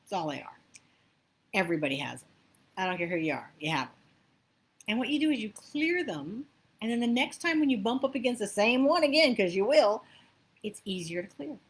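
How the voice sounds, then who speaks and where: A woman who works as an abundance coach gives a motivational spiritual talk, chatty and animated, weaving stories together with asides. Her pitch is medium and her pace fairly quick, though she leaves long pauses.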